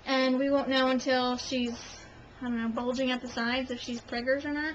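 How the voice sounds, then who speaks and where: A young woman vlogging at home, telling a long story to the camera in an animated, self-mocking way. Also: sits high, normal speed, lo-fi sound, slight background noise.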